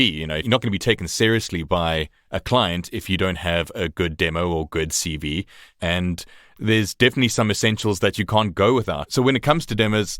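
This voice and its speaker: Deep-voiced podcast host. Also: male voice, fairly bright tone, no echo, studio quality. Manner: measured, asks clear questions. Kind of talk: podcast interview.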